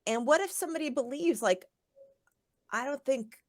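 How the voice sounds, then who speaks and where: A woman's voice: high-pitched, expressive, moderate pace. A woman hosting a podcast, encouraging her guest with frequent affirmations in a casual interview. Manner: encouraging, frequent backchannel "mm" and "yeah". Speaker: podcast host.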